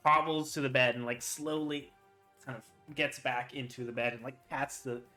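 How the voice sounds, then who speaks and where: A man narrating a tabletop game as game master, halting with many ums and likes. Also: medium pitch, level tone, pushed and bright, faint music behind.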